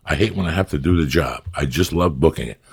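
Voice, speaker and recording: A middle-aged man, his voice deep and gravelly with a husky edge. He swears constantly and rambles bluntly from one story to the next in loose, casual podcast talk. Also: fast talker. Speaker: podcast guest, actor and comic. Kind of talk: casual chat.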